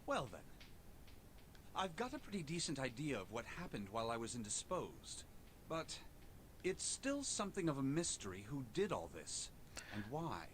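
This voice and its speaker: An actor voicing a composed, refined young man in a video game, formal and measured in his speech. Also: medium pitch, wildly swooping pitch, a little hiss or hum. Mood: calm.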